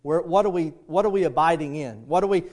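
Telling down-home stories in his sermon, this middle-aged pastor performs the quoted voices himself. He speaks fast in a slightly high, somewhat mellow voice.

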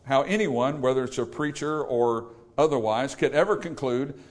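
A pastor preaches to his congregation at a church service in a mid-range voice at a moderate pace. His sermon is emphatic and full of rhetorical questions.

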